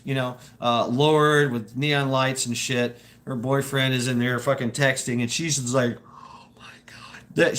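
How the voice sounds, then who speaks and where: Talking casually to his viewers, a man rambles through a monologue, stammering, repeating words, swearing freely and laughing along the way. His voice is fairly high and a bit bright.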